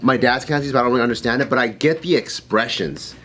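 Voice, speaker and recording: A man's voice: mid-range voice, quick pace, a bit bright, slight background noise. Rambling laughing male podcast host. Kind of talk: casual podcast chat.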